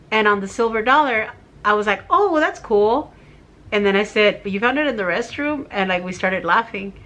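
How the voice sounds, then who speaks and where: A woman's voice: medium pitch, sharp tone. Tearful woman telling a personal story. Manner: heartfelt, emotional, rambling with fillers. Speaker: vlogger.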